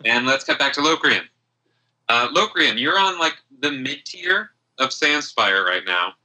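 A man's voice: medium pitch, sing-song, unhurried, sharp tone, rough recording. A man running a tabletop game as game master, narrating loosely with many fillers.

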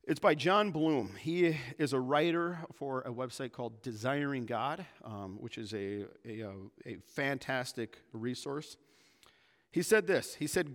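An earnest man preaching to his congregation in a casual, conversational way. His voice sits at an ordinary middle pitch, and a long reverb trails each phrase through the church sanctuary. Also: a little slow. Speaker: pastor. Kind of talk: sermon.

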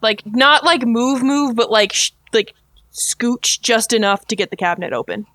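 A woman's voice: fairly high pitch, animated, normal speed, a bit bright, dry recording. A woman playing a tabletop game, speaking casually and hesitantly with many fillers. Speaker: player.

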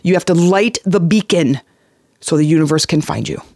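A man's voice: a little high, moderate pace, dry recording, clean studio sound. A man hosting a motivational podcast as a life coach, speaking earnestly and repeating key phrases for emphasis. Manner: animated storytelling with acted-out voices.

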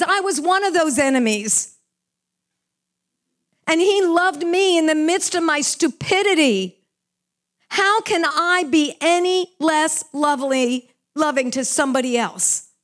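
A woman's voice: high-pitched, animated, unhurried. An older woman preaching a heartfelt, earnest sermon about love and purpose. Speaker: Christian speaker.

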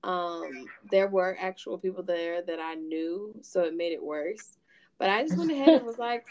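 A woman's voice: on the low side, normal speed, darkish tone. A woman hosting a podcast, telling candid stories in casual chat and swearing freely. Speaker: podcast host.

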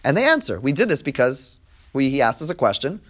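A Bible teacher with a mid-range, sing-song voice and a fairly bright tone talks a little fast in his text-study class. He reads verses, translates them line by line, and plays the quoted speakers, explaining step by step while asking listeners "right?"

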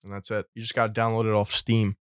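Deadpan young man with crude comebacks. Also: on the low side, fast talker, smooth, no room sound, clean studio sound. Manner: deadpan crude one-liners. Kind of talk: casual banter.

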